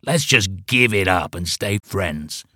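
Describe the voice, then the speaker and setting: A man doing a shy young cult member with a lower, soft, hesitant voice. He speaks slowly and meekly, close and dry. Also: animated, no echo, full character voice. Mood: timid. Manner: quiet and hesitant. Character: shy, subdued young male sect member.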